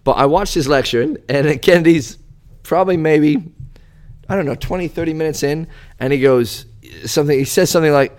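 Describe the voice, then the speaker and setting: A man's voice: on the high side, a little fast, a little mellow. A man, a magician, asking probing questions in a casual podcast chat.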